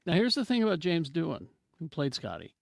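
A man's voice: a little high, wildly swooping pitch, a little fast, gravelly, no echo. A man co-hosting a casual podcast chat, dropping wry jokes. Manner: wry, joking asides. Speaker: podcast co-host.

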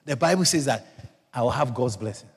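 A male pastor preaching a sermon and telling personal stories, swinging from loud exclamations to low murmurs. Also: animated, brisk, gravelly, breathy edge. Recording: long hall reverb.

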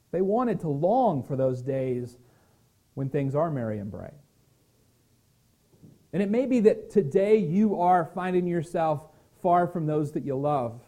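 A male pastor delivering a sermon in an earnest, gentle way. His voice sits a bit high for a man yet sounds mellow and warm. He now and then restarts a word as he speaks.

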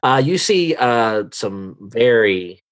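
A man's voice: medium pitch, sing-song, takes it slowly. A man narrating a tabletop game as game master, with many ums and hesitations. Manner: hesitant, full of ums and uhs.

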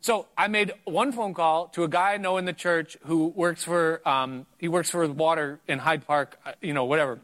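Earnest storytelling preacher, raised voice. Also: male voice, steady tone, moderate pace, few pauses, a bit bright. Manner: earnest, anecdotal, rises in pitch for emphasis. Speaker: preacher sharing testimony. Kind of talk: conversational sermon storytelling.

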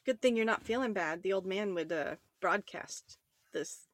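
A woman's voice: medium pitch, moderate pace. A woman co-hosting a casual morning chat show, teasing her partner and laughing easily. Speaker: co-host.

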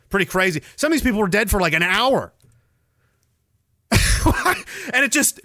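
A man's voice: high voice, fairly bright tone, no echo, studio quality. A man hosting a livestream, telling a story in a crude, joking way and laughing often. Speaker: podcast host. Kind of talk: casual livestream chat.

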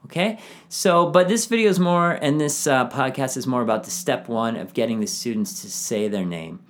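A man who teaches English to young children, explaining his classroom method to other teachers in an animated way and modeling phrases slowly and clearly. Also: medium pitch. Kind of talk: instructional talk for teachers.

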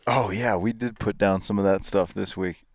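A man's voice: fairly low pitch, fairly even intonation, moderate pace. A man hosting a podcast in casual chat, joking and laughing often, recorded outdoors near an airstrip. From United States. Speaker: podcast host.

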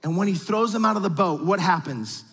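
Male pastor, high husky voice, animated storytelling sermon, big reverberant church hall. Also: fairly quick. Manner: animated storytelling, repeats words when starting phrases. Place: large church auditorium.

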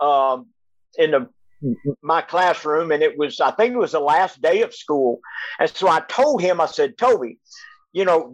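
Older retired coach; high, dry voice; rambling, stop-start storytelling over a video call. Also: male voice, no room sound, rough recording. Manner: halting, repeats words, chuckles as he tells. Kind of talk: storytelling on a casual podcast.

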